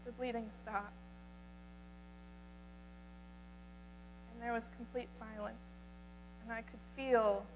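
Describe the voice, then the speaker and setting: A woman telling the story of a desperate outcast woman in slow, echoing first person. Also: fairly high pitch, close to an everyday voice. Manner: earnest first-person storytelling, halting restarts. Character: humble outcast woman, desperate, then awed. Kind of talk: dramatic first-person retelling. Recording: reverberant hall, faint mains hum.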